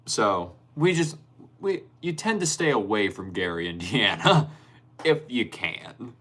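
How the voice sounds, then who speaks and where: A man's voice: lowish voice, sing-song, takes it slowly, long pauses, a bit bright. A young man hosting a casual livestream, reading viewer comments aloud and laughing often. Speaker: livestream host reading chat. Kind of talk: casual live-stream chat.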